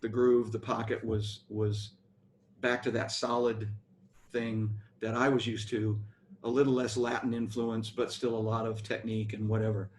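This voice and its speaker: An older American man, a bass player, telling rambling stories about his career in an interview. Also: level tone, normal speed, a little mellow, slight background noise. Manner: rambling anecdotal storytelling with restarts. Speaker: guest musician, bass player. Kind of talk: storytelling interview.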